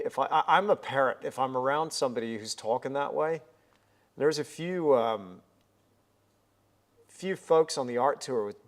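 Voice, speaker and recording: A man hosting a live painting stream, chatting in an upbeat way and thinking aloud as he works at the easel. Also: mid-range voice. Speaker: painting livestream host. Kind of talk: live painting demonstration chat.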